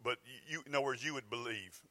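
A middle-aged pastor preaches in a church, folksy and conversational. His bright, forceful voice sits at an ordinary pitch and swells with sudden emphasis. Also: quick pace. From Georgia, US. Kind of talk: sermon. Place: church sanctuary.

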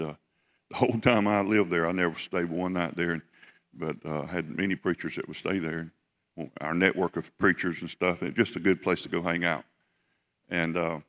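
A middle-aged man preaching, telling a personal story in a folksy, halting way with many restarts. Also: low-pitched, fairly bright tone. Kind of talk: sermon storytelling.

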